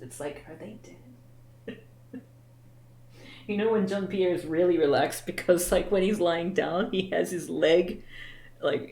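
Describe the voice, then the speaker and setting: Young female streamer, casual and chatty, lots of pitch movement, slow easy delivery. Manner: chatty, giggly, animated asides. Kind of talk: casual live-stream commentary.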